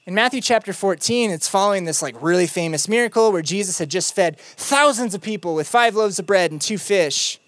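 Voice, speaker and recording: A youth pastor preaching a sermon in a conversational storytelling way, with playful asides, lively retellings and quiet, emphatic moments. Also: medium pitch, a little fast, few pauses, no room sound.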